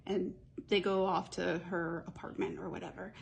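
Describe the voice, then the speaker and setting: A woman's voice: on the low side, flat delivery, moderate pace, creaky. A woman casually telling a story in a rambling, chatty way, stringing events together with run-on phrases. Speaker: storyteller pitching a movie idea.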